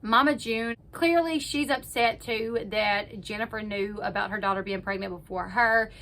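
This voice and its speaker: A woman's voice: mid-range voice, moderate pace, fairly bright tone. A woman hosting her own channel, casually recapping a reality show episode and quoting the people in it with lots of "like" and "you know".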